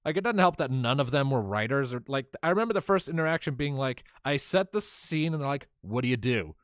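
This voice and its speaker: A man hosting a casual podcast, recapping a tabletop game he ran as game master, animated and often laughing. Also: on the high side, fast, smooth, dry recording, clean studio sound. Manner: animated storyteller, laughs often, many fillers.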